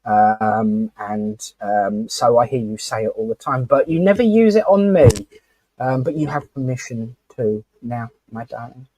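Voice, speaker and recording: A man's voice: mid-range voice, unhurried, dark tone, dry recording. A man hosting a casual live-stream chat, rambling and talkative with lots of fillers and restarts. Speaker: host.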